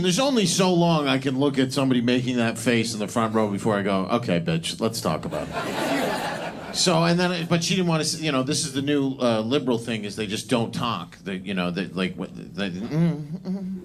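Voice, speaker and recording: A man's voice: mid-range voice, lively intonation, fast talker, hardly any pauses, slight background noise. A man from Canada doing a stand-up set, crude and rambling, restarting his sentences. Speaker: stand-up comedian. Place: comedy club stage.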